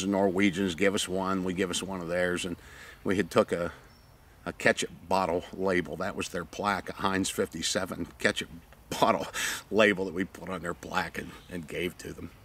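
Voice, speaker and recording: Profane animated retired SEAL storyteller. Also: male voice, low voice. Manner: profane, animated, acts out the scenes. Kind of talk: casual anecdote telling.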